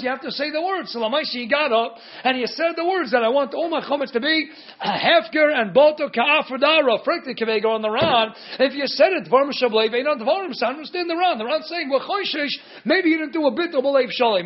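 High-voiced man giving a Talmud lecture. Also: dull audio. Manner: asks and answers rhetorical questions; mixes Hebrew and Aramaic terms into English. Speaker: Torah teacher.

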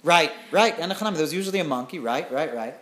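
A woman teaching through a story in an animated way, often checking in with her listeners. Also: deep voice, brisk. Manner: animated, often asks "right?". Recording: roomy echo.

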